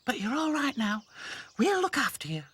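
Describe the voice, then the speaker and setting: Man doing a high, gentle girl rag doll. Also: huge pitch swings, a little fast, slightly rough, exaggerated voice. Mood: caring. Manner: soft, caring, pleading.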